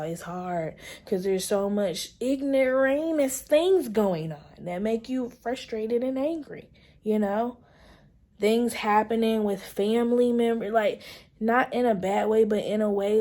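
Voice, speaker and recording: A young woman vlogger talking casually and earnestly to her viewers, calling them y'all and sometimes dropping into soft whispered asides. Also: medium pitch. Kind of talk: casual chat to camera.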